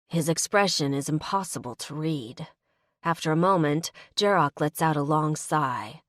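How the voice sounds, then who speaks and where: A woman narrating a first-person romance audiobook in a measured, emotional way on a close studio mic. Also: sits low, no room sound.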